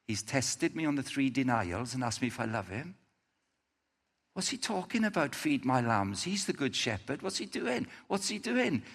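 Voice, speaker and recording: A man's voice: sing-song, normal speed, fairly bright tone, husky, exaggerated voice. A man voicing a remorseful male disciple who earnestly pleads that he loves his master despite failing him. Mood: bewildered. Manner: earnest, pleading, voice rising high. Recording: reverberant hall.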